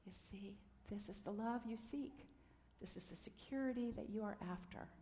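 A middle-aged woman giving a gentle, earnest sermon, sometimes dropping to a soft near-whisper. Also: mid-range voice, normal speed. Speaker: minister. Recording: long hall reverb.

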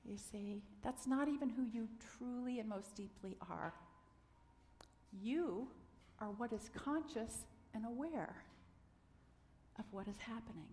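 A middle-aged woman giving a gentle, earnest sermon, sometimes dropping to a soft near-whisper. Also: fairly high pitch, a little slow, slight background noise. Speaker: minister. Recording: long hall reverb.

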